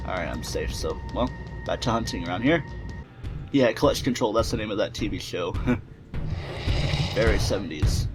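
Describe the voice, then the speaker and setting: A man's voice: medium pitch, a little slow, music in the background, low-quality recording. A man giving let's-play commentary on a game he is playing, rambling and joking to himself as he goes. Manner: joking, rambling self-talk while playing.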